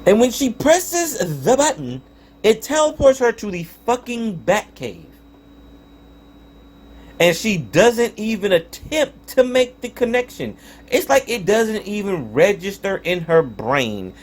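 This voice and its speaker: A man's voice: high voice, big pitch swings, takes it slowly. A young man giving a casual spoken review of a cartoon episode, swearing and ranting in exasperation with frequent restarts. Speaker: TV show reviewer.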